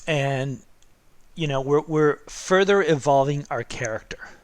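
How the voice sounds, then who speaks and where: A man's voice: a little high, measured pace, smooth. Middle-aged guy art teacher talking thru his sketch, chatty, keeps going okay? right?, encouraging. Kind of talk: drawing demo voice-over.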